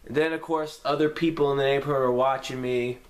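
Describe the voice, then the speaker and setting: A young man telling a story to the camera in a casual, profane way, acting out his own lines with sudden jumps in pitch. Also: steady tone, fairly quick. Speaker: vlogger.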